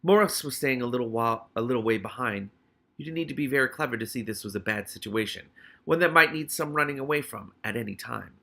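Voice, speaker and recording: A man's voice: medium pitch, fast, vocal fry, sharp tone. A man reading a novel aloud, breaking off for blurted, emotional reactions. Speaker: reader and commentator.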